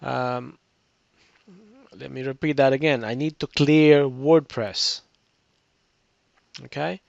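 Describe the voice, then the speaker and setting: A tired man with a gravelly, fry-laden voice, casually talking through a screen-recorded computer tutorial. He rambles and restarts his sentences often. The sound is dry and dull, like lo-fi screencast audio. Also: medium pitch, fairly even intonation, slow pace, no room sound. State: tired, voice cracking. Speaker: web tutorial instructor.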